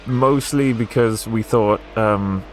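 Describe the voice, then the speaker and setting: Low-voiced posh British streamer man. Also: takes it slowly, soft background music. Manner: rambling, chatty, with frequent fillers and laughs. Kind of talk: casual gameplay stream chat.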